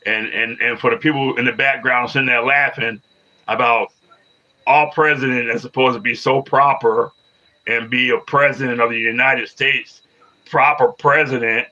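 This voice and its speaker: 50s guy on a live stream, bright sharp voice, keeps repeating himself, muffled lo-fi audio. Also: mid-range voice, steady tone, moderate pace. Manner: repetitive, restarts phrases, argues back at commenters. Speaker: livestreamer. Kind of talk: casual live-stream chat with viewers.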